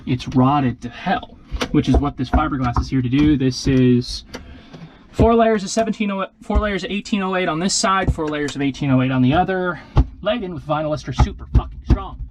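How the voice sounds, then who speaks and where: A man's voice: a little high, noisy background. A man giving a casual, profane and rambling walkthrough of the repairs on his sailboat, speaking from inside the cabin. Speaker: boat owner showing repairs.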